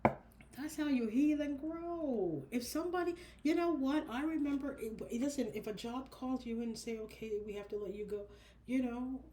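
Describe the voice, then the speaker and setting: A woman doing a casual spiritual card reading who talks in an animated, chatty way and calls her listeners baby and honey. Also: fairly high pitch, a little fast, a little hiss or hum. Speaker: oracle card reader.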